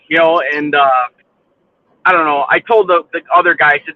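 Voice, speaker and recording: A man's voice: on the high side, steady tone, fairly quick, no echo. A man hosting a casual chat show, telling a rambling story full of swearing and restarts. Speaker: livestream chat host. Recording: tinny phone-like line.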